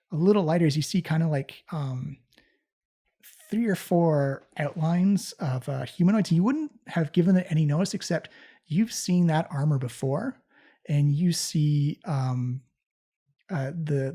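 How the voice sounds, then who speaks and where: A man narrating a tabletop game as game master, relaxed and halting, with many fillers. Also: a little high, husky.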